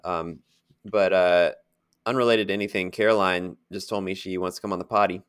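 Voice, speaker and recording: A man's voice: sits low, steady tone, fairly quick, clean tone. A man co-hosting a podcast in casual chat, rambling and chatty, laughing at his own stories. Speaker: podcast co-host.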